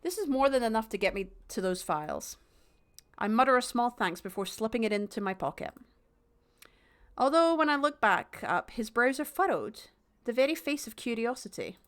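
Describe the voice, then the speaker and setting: A woman's voice: on the high side, lively intonation, normal speed. A Scottish woman streaming a game, chatty and giggly, mocking her own stumbles while reading aloud. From Scotland.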